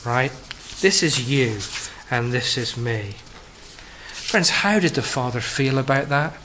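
A man preaching a sermon to a congregation, addressing them as friends, rising for emphasis and dropping soft and low on key phrases. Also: animated, slow, a little hiss or hum, poor audio.

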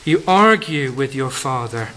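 A man preaching a sermon to a congregation, addressing them as friends, rising for emphasis and dropping soft and low on key phrases. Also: lively intonation, a little slow, a little hiss or hum, low-quality recording.

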